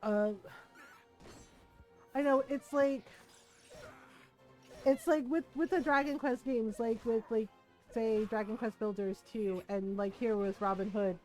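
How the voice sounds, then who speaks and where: A woman with a high voice chats and rambles through her game stream, laughing easily. Quiet game music plays underneath her talk. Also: fairly even intonation, slow, pauses often. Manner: chatty, rambling, laughs often. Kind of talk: casual live-stream commentary.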